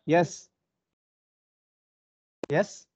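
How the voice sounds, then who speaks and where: A man's voice: very slow, darkish tone, no echo, lo-fi sound. A young man with an Indian English accent giving an online university lecture, explaining step by step with frequent "uh" and "so" and checking on his students.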